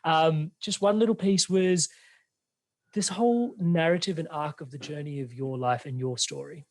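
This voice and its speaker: A male host asks his guest questions over a video call, rambling and restarting in his enthusiasm. His voice sits slightly high and sounds dry and close. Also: moderate pace, darkish tone, dry recording. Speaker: podcast host. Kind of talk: casual interview.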